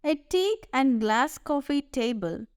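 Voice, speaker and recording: A woman narrating an audiobook in a measured first-person storytelling manner. Her pitch rises and falls in a lively way at a slow, deliberate pace, while her voice stays smooth and crisp. It is close-miked and dry, with no room sound. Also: dry recording. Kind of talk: audiobook reading.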